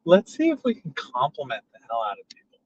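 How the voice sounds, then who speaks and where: Animated male storyteller, high-ish lively voice, recorded in a car with a dull lo-fi mic. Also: quick pace. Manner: animated, jumps into loud high voices for quotes. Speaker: passenger and storyteller. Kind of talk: casual storytelling chat. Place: inside a moving car. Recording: dull lo-fi sound, faint road hum.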